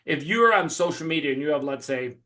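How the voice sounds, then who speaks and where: A man's voice: a little high, lively intonation, fairly quick, sharp tone. A man hosting an interview and giving fervent motivational talk, swearing freely and acting out scenes. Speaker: host.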